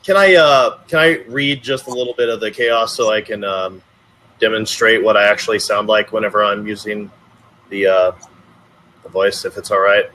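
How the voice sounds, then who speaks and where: A man's voice: on the low side, steady tone, moderate pace, sharp tone. A man in a casual podcast chat, speaking in a hesitant, self-effacing way. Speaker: podcast guest.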